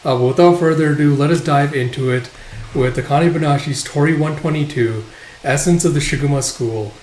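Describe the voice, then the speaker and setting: A man's voice: a little high, brisk, a little mellow, reverberant, a little hiss or hum, poor audio. A man hosting a manga review video, chatting casually with lots of fillers. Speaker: manga review channel host.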